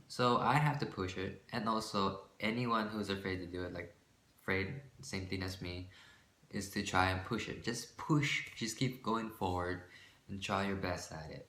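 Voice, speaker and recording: A man with a low, bright, forceful voice chats to his camera in a casual vlog. He rambles and runs himself down, often breaking off to restart a sentence or laugh nervously. His voice bounces around an echoey room. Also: fairly even intonation, moderate pace. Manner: rambling and self-deprecating, with frequent restarts; nervous laughter between phrases. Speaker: vlogger.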